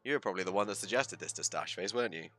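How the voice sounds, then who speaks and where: A man's voice: low-pitched, rapid-fire, no room sound. A man giving casual, theatrical commentary while streaming a game. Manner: theatrical, swings into loud outbursts.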